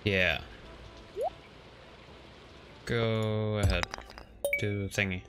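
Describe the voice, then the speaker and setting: A young man casually thinking aloud as he plays a game on stream, relaxed and unhurried. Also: lowish voice, music in the background. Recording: noticeable background noise with clicks.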